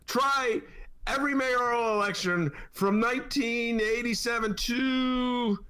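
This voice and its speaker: A man's voice: very high-pitched, fairly even intonation, slow pace, pushed and bright, clear, resonant tone. A man hosting a political talk podcast in a studio, sarcastic and mocking in his banter. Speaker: podcast host. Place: radio studio.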